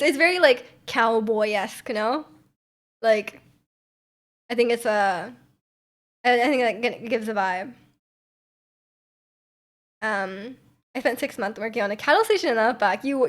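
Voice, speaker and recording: Chatty, giggly woman streamer. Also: a little high. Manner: chatty and giggly, thinking out loud with many restarts. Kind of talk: casual live-stream chat, answering chat messages.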